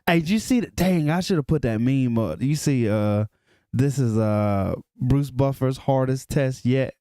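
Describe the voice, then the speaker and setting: Guy cohosting a podcast, playful, messes up names for laughs, mid pitch, dry mic. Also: measured pace, warm tone, no room sound. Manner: joking, stumbles over names on purpose. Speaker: podcast co-host. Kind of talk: casual chat.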